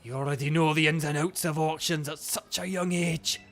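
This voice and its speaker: A man voicing a boisterous old male gym leader with a put-on Scottish accent, loud and folksy. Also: fairly high pitch, fairly even intonation, moderate pace, faint music behind, lightly acted. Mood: gruff.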